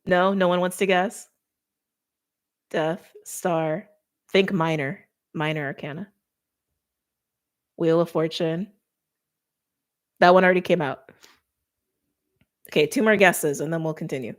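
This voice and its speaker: A woman giving a casual tarot reading straight to her viewers, chatty and informal, with quick laughs and lots of "like". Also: lowish voice, expressive. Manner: talks straight to viewers by sign. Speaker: tarot reader.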